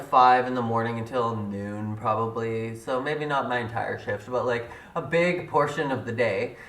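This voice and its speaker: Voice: mid-range voice, fairly bright tone. Chatty young vlogger in a roomy space. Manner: chatty, leans heavily on "like" and "literally". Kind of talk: casual storytelling to camera. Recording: roomy sound from a distance.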